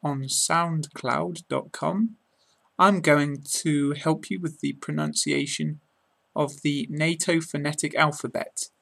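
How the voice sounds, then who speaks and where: A man's voice: a little high, steady tone, takes it slowly, vocal fry, fairly bright tone. A man with a British accent giving a podcast pronunciation lesson, enunciating each word carefully and repeating it twice. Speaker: pronunciation teacher.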